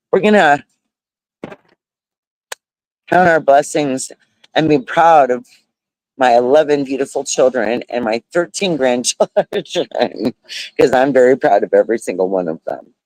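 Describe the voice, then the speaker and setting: A man's voice: medium pitch, a little slow, long pauses, darkish tone, no echo, low-quality recording. An older man from the United States hosting a live stream outdoors, talking in a heartfelt, rambling way, often laughing and saying y'all. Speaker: livestream host. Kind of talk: casual heartfelt livestream chat. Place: outdoors at a beach resort. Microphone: phone.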